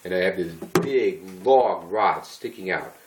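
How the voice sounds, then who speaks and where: Male vlogger with a deep voice who thinks out loud in a loose, meandering way. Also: unhurried, noisy background. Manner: rambling, thinking aloud with fillers. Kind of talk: casual musing vlog. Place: home.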